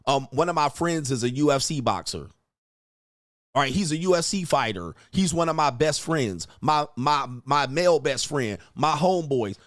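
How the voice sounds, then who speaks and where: A male host comments on video clips in a crude, blunt way, repeating himself and mimicking reactions. His voice is on the high side, and the sound is dry and close with no room sound.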